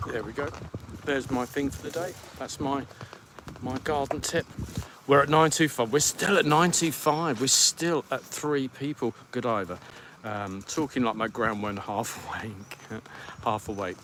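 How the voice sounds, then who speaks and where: On his podcast live stream, a British host chats and rambles at a measured pace while going through viewer comments. His voice is mid-range, and there's noticeable background noise.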